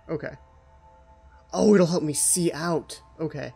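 A man's voice: on the high side, measured pace, creaky, dark tone, husky, soft background music. A man hosting a let's play, giving jittery, frightened commentary on a horror game and talking to himself.

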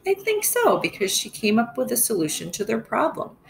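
A woman's voice: a little high, vocal fry. A woman teacher reading a storybook aloud for young children, stopping to ask them questions. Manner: slow, expressive, quizzing young listeners. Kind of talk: read-aloud storybook lesson.

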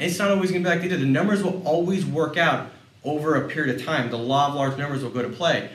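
Guy giving a pep talk to salespeople, lively storyteller, stumbles and repeats words, echoey room, mic kinda far off. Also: on the high side. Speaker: sales leader speaking on a panel. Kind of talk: motivational talk with personal stories. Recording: roomy sound, mic at a distance.

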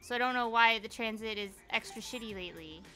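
A young woman streaming from home, chatting casually over gameplay, excitable and swearing freely. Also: fairly high pitch, fast talker, soft background music. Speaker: live streamer. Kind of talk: casual live gameplay commentary.

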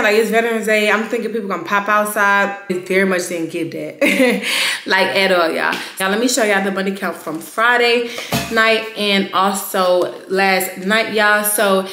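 A young adult woman vlogging casually to her viewers, emphatic and animated, coming down with a cold. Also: mid-range voice. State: getting sick. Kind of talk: casual direct-to-camera vlog.

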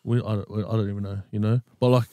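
A man's voice: on the low side, fairly even intonation, fast, warm tone, no echo. A young man rambling and asking questions in a casual chat.

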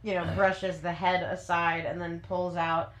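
A woman's voice: on the low side, flat delivery, measured pace, a bit bright, echoey room. A woman narrating as game master in a tabletop game, casual and full of fillers.

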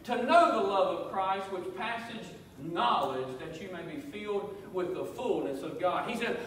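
Male pastor, high-pitched, preaching with call-and-response in a booming, reverberant sanctuary. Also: lively intonation, moderate pace, hardly any pauses, a bit bright, a little hiss or hum. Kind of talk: sermon. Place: church sanctuary. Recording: echoey church hall, voice from far off.

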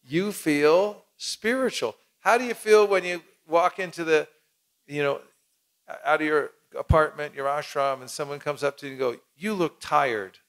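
Male seminar leader, slightly high voice, lively, acts out exchanges, coaxes the audience to repeat. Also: normal speed, smooth. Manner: animated, acts out little dialogues, leads the crowd in repeating. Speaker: seminar teacher. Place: cultural center hall with audience.

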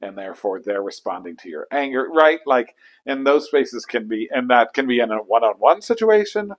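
A man's voice: big pitch swings, moderate pace, low-quality recording. Reflective man, choral conductor. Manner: thoughtful, acts out inner voices with sudden high exclamations. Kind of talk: reflective interview talk. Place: church.

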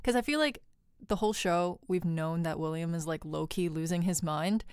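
A woman's voice: fairly low pitch, moderate pace, a little mellow, clear, resonant tone, dry recording, studio quality. A woman co-hosting a casual podcast about a TV show, speaking thoughtfully with lots of "like". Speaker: podcast co-host. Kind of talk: casual TV discussion.

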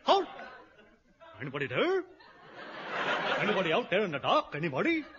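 An actor playing a dim-witted, goofy young soldier on guard, in 1950s radio comedy style. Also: male voice, sits high, wildly swooping pitch, normal speed. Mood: nervous. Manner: dopey, goofy, rambling. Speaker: guard character. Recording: old lo-fi radio recording with hiss.

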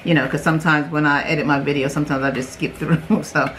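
Loud, chatty woman beauty vlogger. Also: low voice, fairly even intonation, fast, slight background noise. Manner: chatty and rambling, tags lines with "okay?"; loud, self-aware about yelling. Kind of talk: casual chatty product review.

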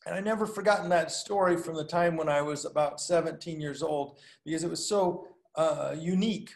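Guy preaching, tells a story with lots of uhs, voice a bit high, echoey room. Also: creaky. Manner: storytelling, acts out dialogue with lifted voice; halting, many fillers and restarts. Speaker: pastor. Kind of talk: sermon. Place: recorded for a video call.

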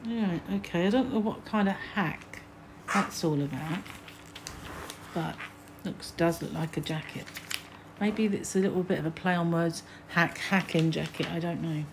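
An older British woman runs a crochet channel, flicking through a magazine, reading snippets aloud and adding musing asides in casual chat. Her voice is lowish and unhurried, with background noise present.

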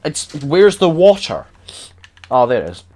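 A young man giving sweary, excitable and sarcastic commentary while building in a video game. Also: on the high side, a little slow, slight background noise. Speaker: gaming YouTuber. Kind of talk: casual gameplay commentary.

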